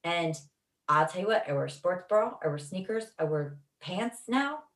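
A woman's voice: on the low side, animated, moderate pace. Emotional, profane woman telling a story. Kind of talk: casual spoken storytelling. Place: Los Angeles. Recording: echoey room, distant from mic.

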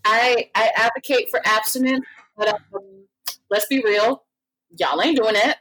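A woman's voice: on the high side, a little slow, fairly bright tone, husky, poor audio. Blunt, frank woman co-host. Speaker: podcast co-host. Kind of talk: casual chat.

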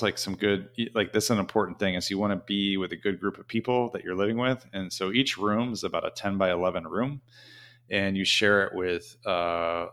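A man's voice: deep voice, fairly bright tone. A man telling a casual, rambling story as an interview guest, with many "you know" fillers.

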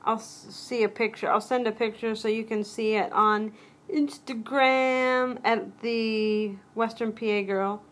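A chatty woman hosting a solo podcast, her voice a bit higher than most. She rambles from thought to thought and breaks off her own sentences with quick asides. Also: steady tone, a bit bright. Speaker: podcast host. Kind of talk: casual solo podcast talk.

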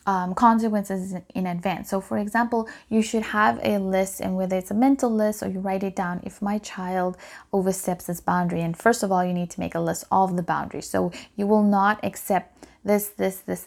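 A middle-aged woman hosting a solo parenting podcast, giving calm, earnest advice with frequent ums and restarts. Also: medium pitch, normal speed, gravelly. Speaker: podcast host.

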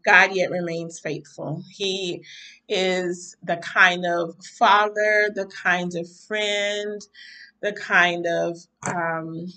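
A woman's voice: fairly low pitch, fairly even intonation, extremely slow, sharp tone, recorded from a distance, rough recording. Weary but fervent woman minister. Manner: fervent, repetitive praise phrasing. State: mentally weary, tired-sounding voice. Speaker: minister and podcast host. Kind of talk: devotional talk to a live audience.

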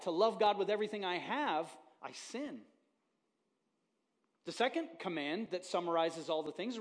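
A man preaching a casual, joking sermon as pastor, chatting with the congregation from the stage. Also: high voice. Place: church auditorium.

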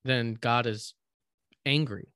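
A man's voice: mid-range voice, steady tone, takes it slowly, fairly bright tone, clear, resonant tone, no echo. Guy cohosting a faith podcast, thoughtful, asks pointed questions, mid voice, dry mic. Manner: reflective, builds arguments with pointed questions. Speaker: podcast co-host. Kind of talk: casual faith podcast chat.

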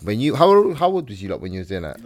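A man's voice: fairly low pitch, very fast. A man, co-hosting a podcast in casual chat, telling stories full of slang and acted-out quotes. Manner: London slang, animated storytelling with quoted voices. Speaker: podcast co-host.

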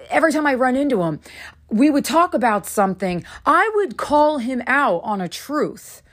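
A woman hosting a podcast, telling a personal story in a casual, animated way and acting out the dialogue. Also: mid-range voice. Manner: animated, acts out dialogue with quick bursts. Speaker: podcast host.

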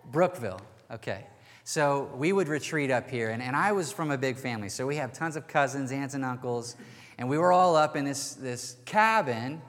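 A man preaching a sermon as pastor, telling stories in a lively, casual, conversational way. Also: medium pitch, big-room sound. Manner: energetic storytelling, casual and conversational.

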